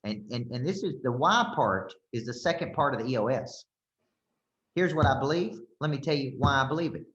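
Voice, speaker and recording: Coaching a group as a business coach, this man has a medium-pitched, animated, fairly bright voice and talks fairly quickly. He stresses his points and often asks "okay?" or "right?" to check in. The room sound is spacious and slightly muffled.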